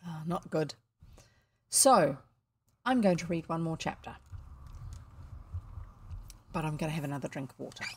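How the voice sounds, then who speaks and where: A woman's voice: low voice, expressive, moderate pace, pauses often, husky. A woman reading a children's book aloud, stopping for chatty asides between chapters. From New Zealand. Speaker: reader.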